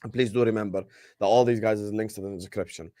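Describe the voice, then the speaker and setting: A man's voice: lowish voice, steady tone, fast, mellow, dry recording, studio quality. Young man hosting a football show. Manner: banter-heavy, reads fan messages aloud. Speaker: podcast host. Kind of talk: casual football chat.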